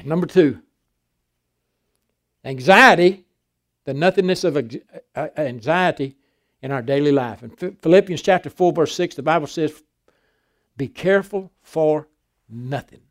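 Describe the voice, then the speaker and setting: An older man preaching a sermon, swinging from loud emphatic declarations to quiet, folksy storytelling. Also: fairly high pitch, moderate pace, long pauses.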